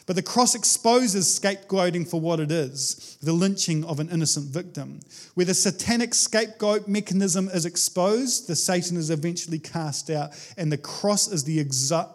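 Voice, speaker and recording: A man preaching a casual, enthusiastic sermon, talking conversationally with frequent restarts. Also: high voice. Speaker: pastor.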